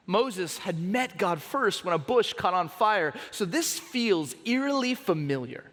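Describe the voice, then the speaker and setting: A man preaching a sermon as a pastor, telling stories with an animated delivery and dramatic pauses, in a large church auditorium. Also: very high-pitched. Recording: long hall reverb.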